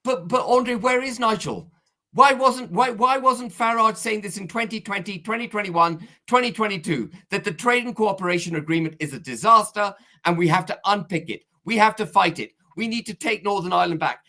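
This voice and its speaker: A man's voice: sits high, brisk, few pauses, sharp tone. A man arguing his case in a heated political discussion, emphatic and insistent, pressing on over interruptions. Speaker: political guest.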